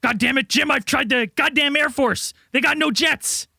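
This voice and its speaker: A panicked, cursing military commander barks orders and brags about his team, as a man acts him out. The voice sits very high with a sharp, bright ring and some gravel underneath. It sounds dry and close, with no room around it. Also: moderate pace, no room sound, heavily acted. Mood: frantic. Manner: yelling, swearing, blustering. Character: frantic shouting male US military base commander. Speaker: podcast host.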